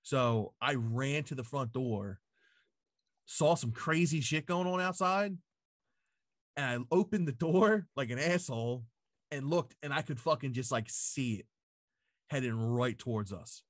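A man's voice: medium pitch, measured pace, no room sound, studio quality. A man in casual chat, telling a story full of swearing and "like" fillers, recorded in a home basement.

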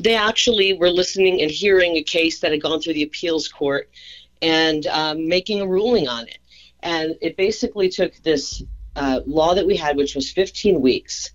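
A woman calling in to a radio interview as a political candidate, explaining her position fluently and carefully. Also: deep voice. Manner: fluent, measured explanation with restarts. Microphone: telephone. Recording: dull phone-line sound.

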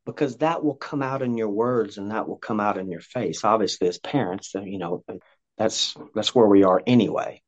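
A man giving parenting advice as a podcast guest, lively and talkative, acting out conversations between parent and child. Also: on the low side, normal speed. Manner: animated, acts out parent-child dialogue. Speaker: guest, youth counselor. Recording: dull lo-fi audio.

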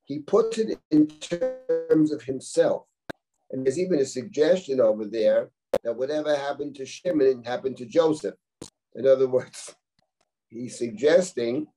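Husky-voiced rabbi teaching a text class. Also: male voice, medium pitch, a little slow, warm tone. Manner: reads Hebrew verses aloud and translates them line by line; conversational, explanatory, with rhetorical questions. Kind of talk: live text-study lecture.

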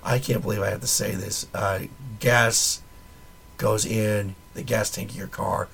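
A man's voice: lowish voice, fairly even intonation, measured pace, gravelly, fairly bright tone, a little hiss or hum. A man hosting a casual solo podcast, rambling and wry with a little profanity, his voice worn and nearly gone. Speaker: podcast host.

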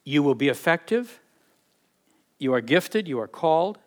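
A man preaching a sermon as a pastor, earnest and heartfelt, often repeating words as he searches for them and dropping from emphatic to hushed. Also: a little high, sing-song, a little slow.

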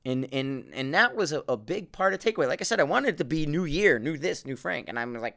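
Rambling, fast-talking East Coast man. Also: a little high, vocal fry. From Connecticut, US East Coast. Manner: rambling, animated storytelling with frequent cursing and restarts. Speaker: podcast host. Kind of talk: casual monologue.

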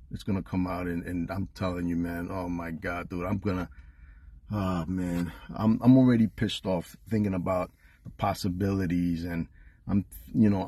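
A man delivers a furious, swear-laden rant, his low voice husky and breathy. The recording is dry and close, with no room sound around him. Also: no room sound. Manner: heated, swearing, swings from loud to muttered. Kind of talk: angry profane rant.

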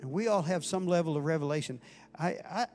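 A man's voice: a little high, a little fast. Older man preaching over music. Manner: passionate, builds in volume, then drops to questions. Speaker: guest preacher. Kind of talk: sermon. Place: church. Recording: music playing underneath.

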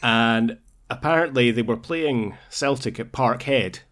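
A man co-hosting a podcast, telling anecdotes in a relaxed, chatty way, his phrases often trailing off quietly. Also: medium pitch, a little slow. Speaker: podcast co-host. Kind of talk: casual chat, telling anecdotes.

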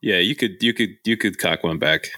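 A man's voice: deep voice, moderate pace, bright, forceful tone, no room sound, clean studio sound. A man co-hosting a podcast in casual chat, who rambles with lots of fillers and laughs often. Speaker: podcast co-host.

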